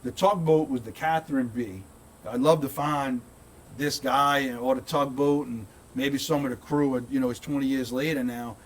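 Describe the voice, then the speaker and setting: A middle-aged man from St. Bernard Parish, Louisiana, appears as a guest and content creator, telling a long story in a casual, rambling way, repeating words and saying "dude" often. His voice is mid-range and steady, at a normal speed, picked up by a distant mic.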